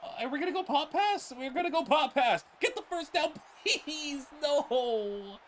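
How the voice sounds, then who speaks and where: A gaming channel host giving live play-by-play commentary on a football video game, excitable and exasperated, often laughing in disbelief. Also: high voice, measured pace, a little hiss or hum.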